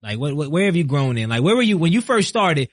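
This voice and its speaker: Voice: medium pitch, sing-song, quick pace, dry recording. A podcast host asking loose, informal questions, with frequent agreeing fillers. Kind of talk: casual interview chat.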